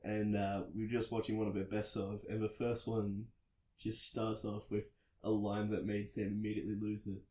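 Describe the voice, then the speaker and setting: A man's voice: fairly low pitch, completely flat delivery, moderate pace, mellow, roomy sound, low-quality recording. An Australian man hosting a casual chat, telling rambling stories full of fillers. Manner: rambling storyteller, full of "like" and "bloody". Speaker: podcast host. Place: indoors at a friend's home.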